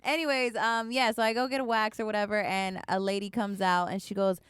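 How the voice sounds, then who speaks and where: A woman's voice: medium pitch, flat delivery, brisk, a bit bright. A woman co-hosting a podcast, telling a story in a chatty, giggly, casual way. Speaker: podcast co-host. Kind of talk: casual chat.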